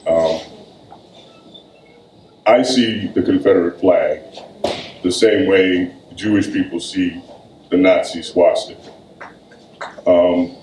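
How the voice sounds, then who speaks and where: Poet man, low mellow voice, live reading in an echoey room. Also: a little hiss or hum. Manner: slow, weighty reading, then loose conversational storytelling. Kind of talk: poetry reading and storytelling at a live event. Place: event room.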